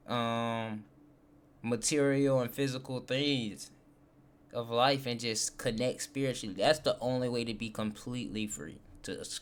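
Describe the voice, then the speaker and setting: A man with a mid-pitched voice chats casually on a live stream as he reacts to a clip. He rambles in a relaxed way, pausing with fillers while he works out his thoughts. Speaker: livestreamer.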